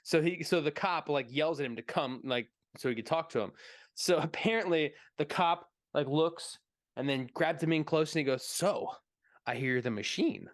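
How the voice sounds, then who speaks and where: A man's voice: fairly high pitch, moderate pace, no room sound, studio quality. A man co-hosting a casual movie stream, retelling a funny story with acted-out quotes and frequent laughter. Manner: animated storyteller, acts out quotes, laughs often. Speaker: podcast co-host.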